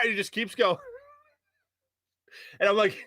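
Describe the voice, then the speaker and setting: A male sports radio host, telling a story on air in an animated way. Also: high-pitched, normal speed, pauses often, dry recording. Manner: animated storyteller, mimics shouting voices. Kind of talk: storytelling on a sports talk show. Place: radio studio.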